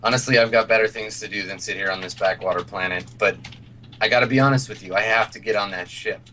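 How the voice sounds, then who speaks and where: A man voicing a calm, menacing male fixer in a tabletop game, speaking in a measured, quietly threatening way. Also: fairly low pitch, far from the mic, slight background noise. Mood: weary.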